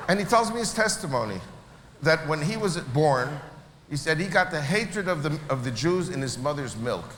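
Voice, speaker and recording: A man from Israel telling a story to an audience, animated and acting out the people he quotes. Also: on the high side. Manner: animated, acts out quoted voices. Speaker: speaker at a church meeting. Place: large hall. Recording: echoey hall with faint noise.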